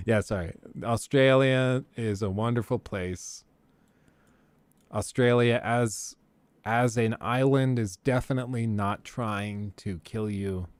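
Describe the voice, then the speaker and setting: A man's voice: on the low side, no echo. A young man hosting a live stream, chatting casually with viewers in a rambling, joking way and laughing often.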